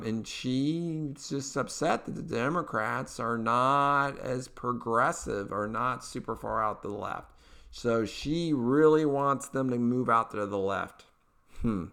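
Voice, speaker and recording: A man with an Eastern Kentucky accent hosts his own political talk podcast. He rambles in a chatty, upbeat way, full of fillers and restarts. His voice sits mid-pitch and sounds smooth and resonant. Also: pushed and bright. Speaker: podcast host. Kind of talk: casual political commentary.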